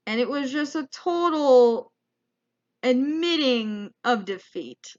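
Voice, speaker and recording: A woman's voice: high-pitched, animated, slow, muffled recording. A young woman, a comedian, telling a rambling, self-deprecating travel story as a vlog monologue. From United States. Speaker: comedian vlogger.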